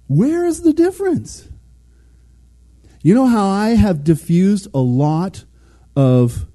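Man, casual sermon, lively swinging pitch, dark husky voice. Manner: animated, conversational, acts out quotes. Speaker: preacher.

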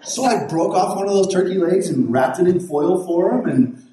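A man's voice: high-pitched, lively intonation, normal speed, background noise. A man who is a pastor, telling stories casually in a rambling, folksy way with many restarts. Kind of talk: casual storytelling. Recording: very echoey room.

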